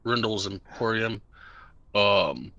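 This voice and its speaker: A man narrating as game master of a tabletop game, unhurried and halting with many fillers. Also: on the low side, sharp tone, no room sound, highs cut off.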